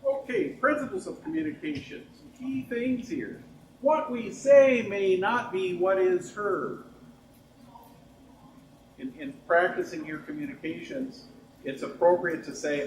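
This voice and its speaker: A man with a slightly high voice co-leads a workshop, joking and acting out his examples. The room is echoey, with faint noise behind him. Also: lively intonation, unhurried, far from the mic. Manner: jokey, demonstrating, banters with co-presenter. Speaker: workshop presenter. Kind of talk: lunchtime workshop talk.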